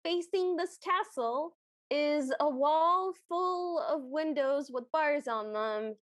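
A woman's voice: high-pitched, slow, no echo. A woman co-hosting a podcast, casually recapping a film and retelling its scenes with animation. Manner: animated retelling, acting out quotes. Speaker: podcast co-host.

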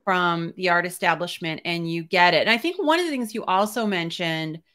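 Woman host, bright clear tone, animated and talkative coach, casual interview. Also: fairly low pitch, fairly quick. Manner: lively, talkative, laughs often. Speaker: art business coach and host.

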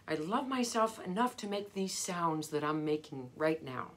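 A woman's voice: lowish voice, animated, moderate pace, few pauses. A middle-aged woman vocal coach giving a live motivational talk, earnest and emphatic, repeating her key phrases.

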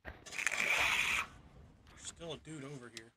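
A man chatting casually while playing an online shooter, excitable and quick to laugh, talking into a microphone on a stand. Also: medium pitch. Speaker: gamer recording content. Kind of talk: casual gaming chat.

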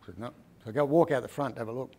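A man's voice: mid-range voice, very fast, creaky, a little mellow. A middle-aged man with an Australian accent, giving a casual, rambling book talk that is full of stories and tags like "right?". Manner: chatty, repeats "right?" often, rambling with restarts. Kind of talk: casual storytelling presentation.

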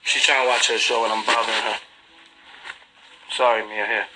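A man's voice: lowish voice, flat delivery, a little fast, over music, rough recording. A young man with a New York accent, casually chatting and teasing commenters on a livestream. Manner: laid-back, slangy, mocking. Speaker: livestream host.

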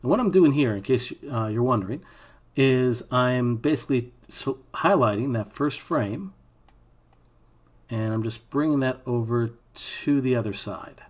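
A man's voice: mid-range voice, measured pace. A man teaching animation in a screen-recorded tutorial, thinking aloud as he works, with casual asides to his students. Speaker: animation instructor.

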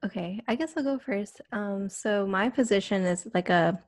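A woman's voice: mid-range voice, normal speed, no room sound, studio quality. A young woman hosting a podcast, talking hesitantly with many fillers and self-corrections. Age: young adult. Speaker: podcast host. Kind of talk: casual podcast chat.

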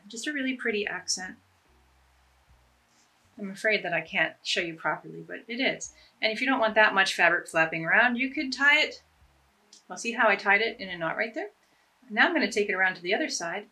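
A woman's voice: mid-range voice, pushed and bright, breathy edge. A woman chatting casually and enthusiastically as she demonstrates ways to tie scarves, with a self-deprecating humor. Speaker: fashion vlogger.

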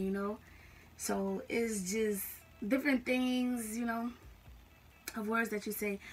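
A woman's voice: medium pitch, far from the mic. A young woman with a Southern US accent, chatting casually to camera in a slangy, emphatic way. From Southern United States. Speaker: vlogger.

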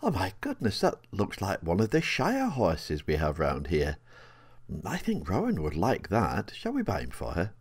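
A man's voice: deep voice, wildly swooping pitch, normal speed, breathy edge, no room sound, voice pushed up, heavily acted. A man voicing a doting elderly grandmother in a storybook reading.

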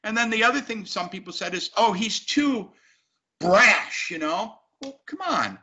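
A man's voice: high voice, expressive, a little slow, bright, forceful tone. A man, an actor, talking emphatically and animatedly as an interview guest. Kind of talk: casual interview talk. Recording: dull lo-fi sound.

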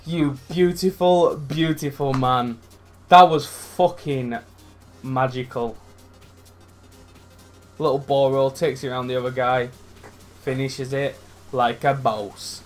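A young man commentating on his own football video game match, sweary and excitable, swinging from low mutters to loud outbursts. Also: slow, long pauses, faint music behind. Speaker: gaming YouTuber.

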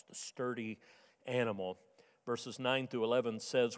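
A man's voice: medium pitch, fairly even intonation, normal speed. A man preaching a sermon as pastor, telling stories in a conversational way with frequent restarts. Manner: storytelling, conversational with repeated restarts. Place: church sanctuary. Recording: long reverb of a church sanctuary.

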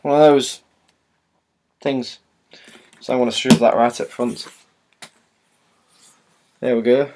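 A man rambles through a casual book unboxing, stumbling over his words and filling pauses with ums and uhs. His pitch sits at an ordinary middle level for a man. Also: steady tone, background noise. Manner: rambling, hesitant, many fillers and restarts. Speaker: vlogger.

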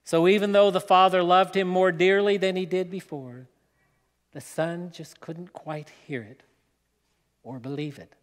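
A man preaching, telling a story in a slow, dramatic way with pauses. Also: sits high, fairly even intonation. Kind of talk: sermon storytelling. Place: church hall. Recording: long hall reverb.

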